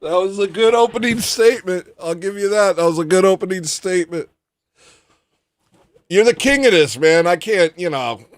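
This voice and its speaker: A man with a somewhat high voice banters casually and breaks into giggles easily. His voice sounds dry and close, with no room echo. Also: animated, normal speed. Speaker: co-host.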